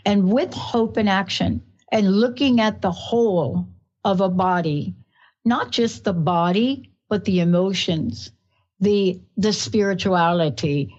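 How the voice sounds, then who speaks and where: A woman's voice: mid-range voice, takes it slowly, darkish tone. Effusive New York woman radio host. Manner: effusive, emotional, rambling. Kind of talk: talk radio interview. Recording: muffled radio broadcast.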